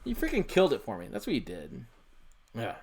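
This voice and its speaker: A man's voice: medium pitch, wildly swooping pitch, a little fast, a little mellow, husky. A man hosting a casual livestream from a home office into a desk microphone, rambling, correcting himself and swearing casually. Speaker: channel host. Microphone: desk USB microphone.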